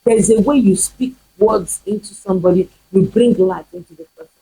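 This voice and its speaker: A woman's voice: mid-range voice, a little fast, warm tone, husky, poor audio. A woman pastor, preaching emphatically in a teaching video, repeating her points and firing rhetorical questions. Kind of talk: sermon-style teaching video.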